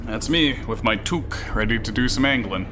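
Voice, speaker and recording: A man's voice: mid-range voice, moderate pace, over music. A man streaming a game, chatting casually with wry asides.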